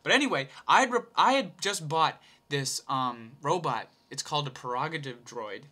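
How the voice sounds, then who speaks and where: A man's voice: on the high side, lively intonation, moderate pace, bright, forceful tone. A man telling a long, rambling story in a casual, off-the-cuff way, swearing and laughing easily.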